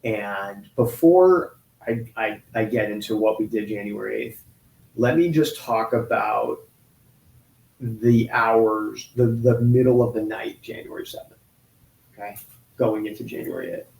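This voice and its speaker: A man in his forties telling a painful personal story in an interview, halting and restarting often. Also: fairly low pitch, creaky, darkish tone. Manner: halting, with many restarts and pauses. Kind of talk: emotional personal account in an interview. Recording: roomy echo.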